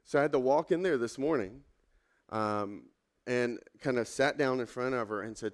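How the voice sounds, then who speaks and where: A man's voice: medium pitch, fairly quick. A pastor in his thirties giving a conversational, self-deprecating sermon with many fillers and asides.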